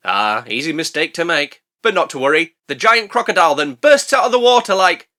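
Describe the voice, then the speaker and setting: A man narrating a comedic film recap, sarcastic and deadpan, full of puns. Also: high-pitched, brisk, few pauses. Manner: sarcastic, punning, deadpan asides. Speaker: film reviewer.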